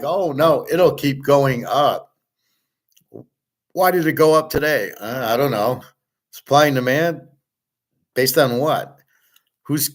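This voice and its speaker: Blunt, profane man lecturing casually. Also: medium pitch. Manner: blunt and profane, rambling with restarts. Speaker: online class teacher.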